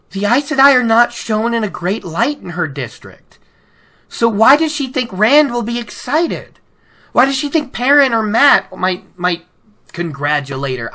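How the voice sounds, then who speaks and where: A woman's voice: lowish voice, a bit bright. A woman casually retelling and picking apart a book chapter, chatty, with many stammered restarts. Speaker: book discussion host.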